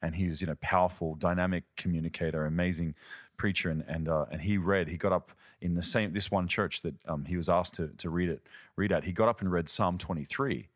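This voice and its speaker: A man's voice: low-pitched, steady tone, a little fast, dry recording, studio quality. A man, a ministry leader and podcast guest, teaching earnestly in conversation and telling stories. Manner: earnest, storytelling, uses quoted voices.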